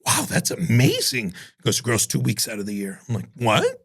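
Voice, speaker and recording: A man, a chef being interviewed, telling profane, animated stories and acting out the voices of other people. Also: mid-range voice, moderate pace, breathy edge. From Cuban-American from New Jersey. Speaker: chef and entrepreneur, podcast guest. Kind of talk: casual storytelling interview.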